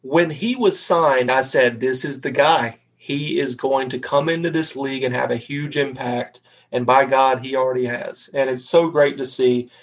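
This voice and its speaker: A man's voice: mid-range voice, fairly even intonation, moderate pace, low-quality recording. A man from North Carolina with a Southern accent, hosting a casual podcast and asking easygoing questions. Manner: easygoing, asks questions, backchannels often. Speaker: podcast host. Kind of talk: casual chat.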